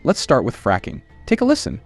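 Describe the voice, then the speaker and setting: A man's voice: mid-range voice, wildly swooping pitch, fairly quick, soft background music. A man hosting a channel, reading scripted political commentary in a scornful, emphatic way.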